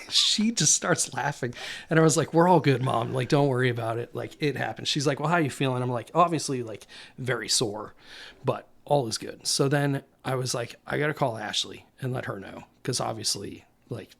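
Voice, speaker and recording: A man's voice: medium pitch, normal speed, vocal fry, fairly bright tone, husky. A young man, a Marine veteran, recounting his deployment in a candid, rambling way, full of fillers and acted-out dialogue. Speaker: Marine infantry veteran guest. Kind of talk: casual storytelling interview.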